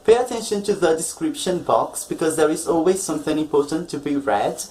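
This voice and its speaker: A man's voice: fairly high pitch, expressive, fairly quick, darkish tone, rough recording. Patient man teaching an English lesson. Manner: patient, explanatory, often checks in with "okay?".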